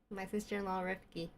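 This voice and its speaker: A woman's voice: mid-range voice, fairly bright tone, slight background noise. Rambling, chatty woman talking to listeners. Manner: repetitive, rambling, asks listeners questions; sprinkles in Yiddish and Hebrew words. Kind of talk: rambling casual monologue.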